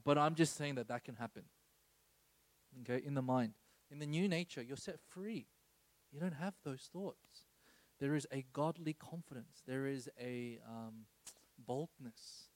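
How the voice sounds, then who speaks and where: A man's voice: medium pitch, poor audio. A man preaching an informal sermon, telling a personal story with many asides and tag questions like "okay?".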